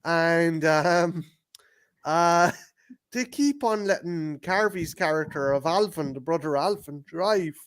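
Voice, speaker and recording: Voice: mid-range voice, slow. Rambling, profane co-host. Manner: rambling and profane, with many restarts; acts out scenes in quoted voices. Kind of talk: casual movie discussion.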